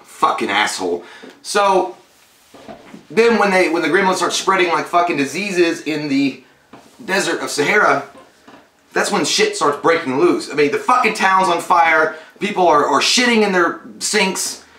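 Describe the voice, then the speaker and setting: A man co-hosting a casual movie review, swearing freely and acting out scenes in loud put-on voices. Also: fairly high pitch, lively intonation, measured pace, reverberant. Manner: profane, bursts into shouted voices. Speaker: co-host.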